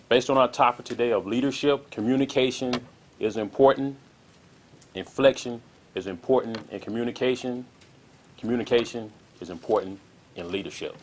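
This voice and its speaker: A man with a Midwestern American accent giving a short prepared talk at a club meeting, deliberate and careful with definitions. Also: mid-range voice, a little hiss or hum. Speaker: grammarian.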